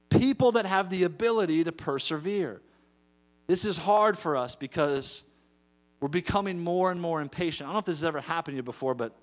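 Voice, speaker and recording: A man preaching a sermon as pastor in a church, moving between storytelling and loud emphatic calls to the congregation. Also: fairly high pitch. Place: church sanctuary.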